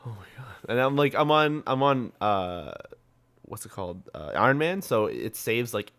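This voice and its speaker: A man's voice: medium pitch, very animated, moderate pace, a bit bright. Rambling young man on a gaming podcast. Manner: rambling, laughs often, swears casually. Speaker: podcast co-host. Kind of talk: casual gaming podcast chat.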